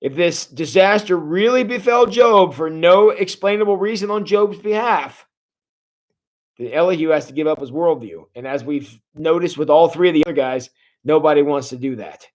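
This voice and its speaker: A man's voice: a little high, lively intonation, normal speed. Folksy fortysomething man teaching scripture. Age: 40s. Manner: folksy, conversational, with frequent filler sounds. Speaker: Bible study teacher. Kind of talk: casual livestream Bible study. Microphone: livestream setup.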